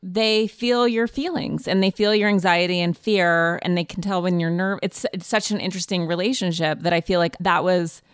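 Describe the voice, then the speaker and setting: A woman host talks in a reflective way, thinking aloud as she goes. Her voice is low and smooth, and the recording is dry and close. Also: fairly even intonation, normal speed, hardly any pauses, no echo. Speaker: interviewer, podcast host. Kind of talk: conversational interview.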